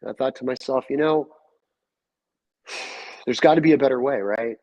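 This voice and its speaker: Husky man telling hunting stories. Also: mid-range voice, normal speed, dry recording, rough recording. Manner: animated storyteller, acts out quoted dialogue. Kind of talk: casual chat. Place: call-in or remote line.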